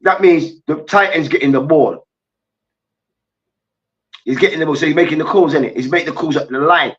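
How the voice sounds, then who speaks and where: A man hosting a heated sports debate, loud and full of swearing, acting out players and coaches as he rants. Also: fairly high pitch, fairly quick. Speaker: host. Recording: distant, dull lo-fi mic.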